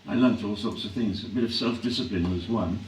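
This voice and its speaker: An older English man reflecting on his acting career in a live on-stage interview, clearing his throat often as his voice grows hoarse. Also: lowish voice, brisk. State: voice growing hoarse. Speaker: actor being interviewed. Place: hall at a public event. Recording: echoey hall from a distance, faint hum.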